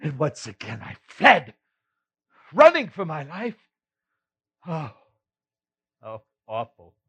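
A man's voice: on the high side, huge pitch swings, takes it slowly, fairly bright tone, slightly rough, exaggerated voice. A man playing the apostle Peter, retelling his failings in an earnest, emotional first-person monologue with sighs and rueful laughs. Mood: remorseful. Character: remorseful apostle Peter, adult man, earnest and self-reproaching. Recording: slightly muffled recording.

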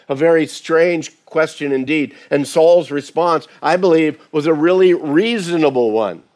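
A man's voice: a little high, a little slow, few pauses. Guy pastor giving a sermon, casual talky delivery, voices the bible quotes. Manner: conversational preaching, acting out quoted voices with restarts.

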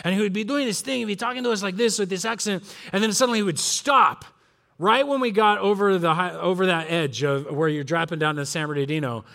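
Middle-aged pastor guy from socal, fairly high voice, chatty storytelling sermon. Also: fast talker, gravelly. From Southern California. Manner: storytelling, animated, acts out voices of family.

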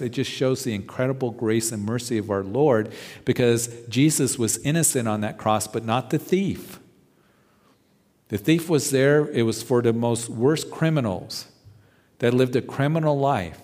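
A man's voice: mid-range voice, moderate pace, darkish tone. Man preaching in a reverberant hall. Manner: earnest, repeats words when emphatic. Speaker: pastor. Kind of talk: verse-by-verse sermon.

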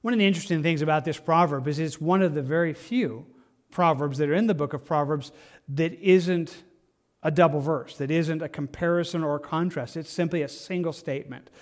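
A man's voice: a little high, brisk. A man teaching a Bible study as a pastor, talking in a conversational way with frequent restarts.

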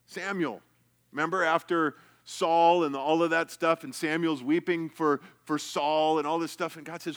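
Male pastor, bright tone, pitched a bit high, talky sermon style. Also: measured pace. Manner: conversational preaching with repetitions and asides.

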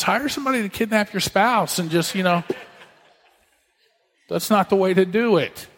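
A man's voice: high voice, fairly bright tone, long reverb tail. A man in his thirties preaching a sermon as a pastor, conversational with joking asides.

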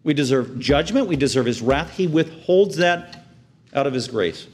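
A man delivers a sermon in a somewhat high voice. He sinks to quiet, tender passages and then climbs into loud, excited bursts as he acts out the crowd's outrage. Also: moderate pace, slightly rough. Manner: earnest preaching, swings from hushed tender lows to loud excited highs. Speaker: pastor.

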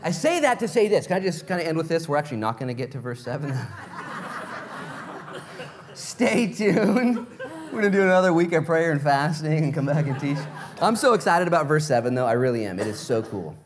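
A man preaching a sermon, animated and playful, telling stories in acted voices and asking the congregation direct questions. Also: mid-range voice. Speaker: pastor.

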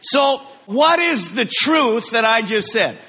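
A man's voice: very high voice, expressive, takes it slowly, bright, forceful tone, husky, big-room sound, a faint crowd. A man preaching a sermon as pastor, emphatic and direct, having the congregation repeat lines after him. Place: church sanctuary.

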